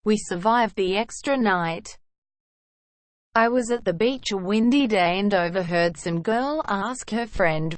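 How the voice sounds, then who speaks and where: A woman reading online stories aloud in an even, steady narration, saying "quote" and hashtags as she reads them. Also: mid-range voice, measured pace, no room sound.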